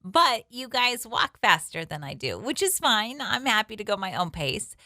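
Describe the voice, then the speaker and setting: A woman's voice: on the high side, very animated, normal speed, sharp tone, no room sound, studio quality. A woman co-hosting a morning radio show, telling her side of a story with giggles in casual banter. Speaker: radio co-host.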